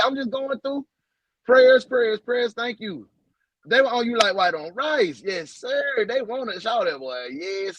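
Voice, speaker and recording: A man hosting a casual livestream, heartfelt and repetitive, shouting out viewers by name. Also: sits high, poor audio. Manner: heartfelt, preachy, repeats phrases. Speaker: livestream host.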